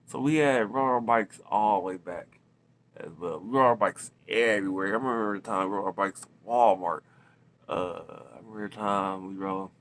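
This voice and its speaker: A man's voice: fairly low pitch, a bit bright, slight background noise. A man casually telling a personal story, rambling with many fillers, restarts and slang. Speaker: storytelling vlogger.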